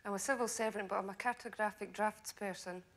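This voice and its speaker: A woman's voice: mid-range voice, fairly even intonation, a little fast, a bit bright. A woman with a Scottish accent, a contestant on a TV quiz show, answering in short, shy replies. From Scotland. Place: TV studio.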